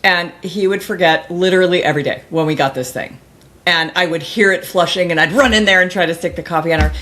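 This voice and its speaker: A middle-aged woman, a guest author, telling a story in a casual interview, rambling with many restarts and bursting into lively mimicked voices. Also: on the low side, fast.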